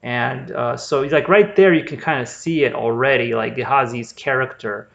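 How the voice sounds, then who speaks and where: A man's voice: mid-range voice, normal speed, gravelly. A man teaching a Bible passage in a loose, rambling way, with lots of fillers and restarts. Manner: rambling, filler-heavy, conversational. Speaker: preacher. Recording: dull lo-fi recording.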